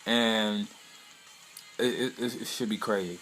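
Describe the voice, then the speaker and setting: A man casually reviewing an anime episode in a rambling, slangy, profane way, now and then breaking into excited bursts. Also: lowish voice, slow pace, soft background music.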